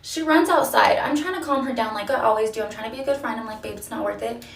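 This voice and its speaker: A woman's voice: a little high, expressive, fast talker, roomy sound, distant mic, slight background noise. Sassy woman spilling gossip. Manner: sassy, gossipy, talks straight to viewers. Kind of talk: casual get-ready-with-me storytime.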